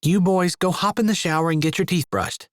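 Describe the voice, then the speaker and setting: A man's voice: sits high, fairly quick, no room sound, pitched above the performer's own voice, close to an everyday voice. Man voicing a wry young woman. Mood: dry. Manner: dry, teasing.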